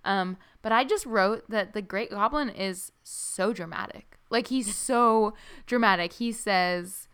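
A woman's voice: mid-range voice, takes it slowly, clean tone. A woman co-hosting a podcast, chatting casually about a book and giggling often. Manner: giggly, animated. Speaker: podcast co-host. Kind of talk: casual book-club chat.

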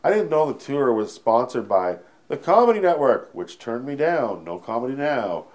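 A Canadian stand-up comedian telling a story in an interview, rambling, swearing freely and correcting himself mid-sentence. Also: male voice, mid-range voice, very animated, moderate pace.

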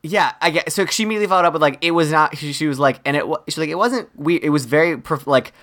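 A man's voice: a little high, fast talker, a bit bright. A man co-hosting a casual comedic movie review podcast, telling the plot with animation and acting out the characters' lines. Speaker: podcast co-host.

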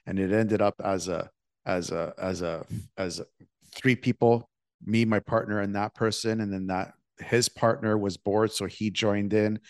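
Low-voiced man talking haltingly. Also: no echo, clean studio sound. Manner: halting, lots of restarts and fillers. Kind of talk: casual interview chat.

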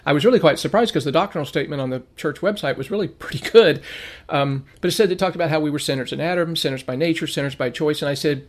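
A man's voice: a little high, fast. A middle-aged man teaching an informal Bible lesson, telling stories in a conversational way and acting out the people he quotes.

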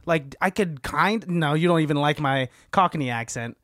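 A man co-hosting a casual chat, animated and quick to laugh as he tells stories. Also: fairly high pitch, no room sound, clean studio sound. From Filipino family. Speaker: podcast co-host.

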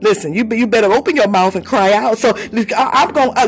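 A woman's voice: on the high side, a little fast, few pauses, soft background music. A woman leading a fervent live prayer, preaching with repeated phrases, bursts of tongues and laughter, calling on listeners by name. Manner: impassioned, repetitive, speaks in tongues, laughs between phrases. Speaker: prayer leader.

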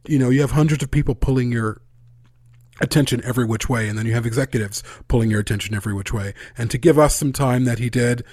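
A man's voice: mid-range voice, a little mellow, dry recording. Guy hosting a podcast, upbeat and chatty, dry close sound. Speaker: podcast host. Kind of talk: casual podcast chat.

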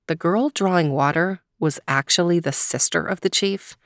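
A woman telling a folk tale in a calm, even storytelling manner. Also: on the low side, moderate pace, hardly any pauses, no echo, clean studio sound.

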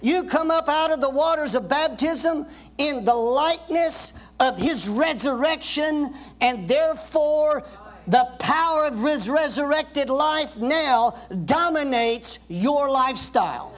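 Slow, high-pitched preaching man. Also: expressive, a bit bright. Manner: emphatic, has the congregation repeat phrases aloud; reads scripture aloud and explains it. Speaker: pastor. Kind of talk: sermon.

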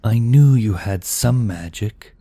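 Suspicious warrior, man narrator putting him on, a bit higher and louder, pressing; fantasy audiobook. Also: takes it slowly, no room sound. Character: wary suspicious male warrior, demanding.

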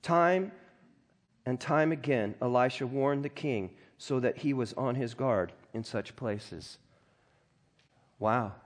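Man, pastor delivering a sermon; mid-range pitch, conversational and animated, frequent throat-clearing. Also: takes it slowly, pauses often. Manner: reads scripture aloud and comments in a conversational, animated way.

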